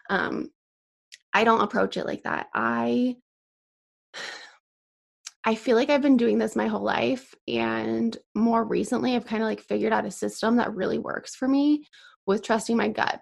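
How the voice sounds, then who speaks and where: Young woman podcasting solo, super gravelly fry, kinda breathless, lots of likes and sighs. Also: medium pitch. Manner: chatty, many fillers, sighs. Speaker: podcast host.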